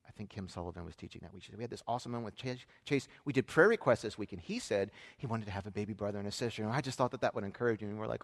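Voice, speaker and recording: A man in his thirties preaching a sermon, telling a family story in a conversational way that swings from hushed asides to loud emphasis. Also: lowish voice, animated, quick pace. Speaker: pastor. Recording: long hall reverb.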